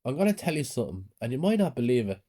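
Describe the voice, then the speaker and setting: A man voicing a calm, motherly female vampire in a storybook tale. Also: medium pitch, racing. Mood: reassuring.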